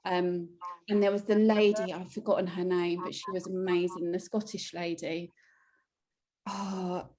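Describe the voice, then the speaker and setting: A woman in a casual interview, telling her story and acting out her own quoted remarks in a higher voice. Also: flat delivery, measured pace, warm tone. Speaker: newly trained children's relaxation coach.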